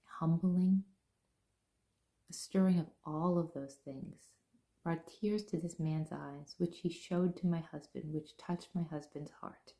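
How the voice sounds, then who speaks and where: Low, gravelly-voiced woman sharing gently. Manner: gentle, earnest storytelling with soft pauses. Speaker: spiritual teacher. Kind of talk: heartfelt spoken reflection.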